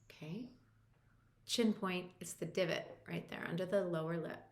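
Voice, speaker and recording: A woman with a lowish voice leads a guided tapping lesson, calm and reassuring as she walks the listener step by step. The sound carries a roomy echo. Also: fairly quick. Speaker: EFT practitioner and coach.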